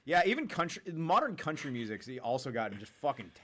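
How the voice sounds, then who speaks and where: A man hosting a stream-style podcast in casual chat, rambling and halting as he talks. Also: fairly high pitch, very animated, very noisy. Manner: rambling, halting, with many fillers and restarts. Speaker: podcast host reading viewer messages.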